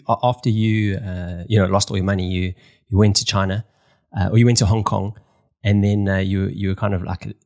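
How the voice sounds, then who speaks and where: A man hosting a podcast, talking casually and hesitantly with lots of fillers. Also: low-pitched. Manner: hesitant, many fillers and restarts. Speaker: podcast host. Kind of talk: casual interview talk.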